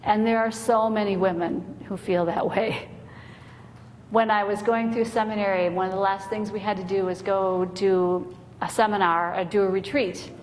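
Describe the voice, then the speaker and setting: A woman's voice: mid-range voice, steady tone, normal speed. A woman giving a humorous, earnest inspirational talk to mothers, telling stories with comic timing. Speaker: Christian women's speaker. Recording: long hall reverb, faint noise.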